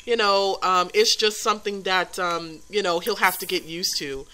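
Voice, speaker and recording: A woman's voice: lowish voice, normal speed, pushed and bright. A woman hosting a life-simulation game series, chatting about the story in a gossipy, giggly way with lots of fillers. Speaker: let's play host narrating a life-sim story. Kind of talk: casual gameplay commentary.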